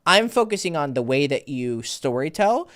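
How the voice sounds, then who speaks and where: The voice swings up and down in pitch and stays animated. He is a man coaching a caller on a livestream, with blunt, foul-mouthed advice that hops from one thought to the next. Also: normal speed. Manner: jumps between thoughts. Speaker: dating coach.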